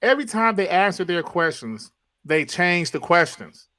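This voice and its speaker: A man's voice: high voice, very animated, normal speed, pushed and bright. A man on a casual gaming podcast, ranting animatedly and hammering his points with repeated one-word punchlines. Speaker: podcast panelist.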